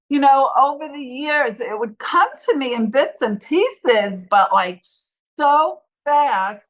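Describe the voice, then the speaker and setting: A woman's voice: a little high, low-quality recording. A woman from the New York area telling her personal near-death story in earnest, acting out what others said. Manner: earnest, acts out quotes with lively voices. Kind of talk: personal testimony, told in her own words.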